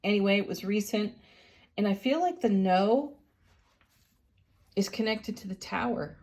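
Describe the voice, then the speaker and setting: A middle-aged woman giving a daily tarot card reading, unhurried and gentle, often laughing softly. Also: mid-range voice. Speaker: tarot reader and channel host.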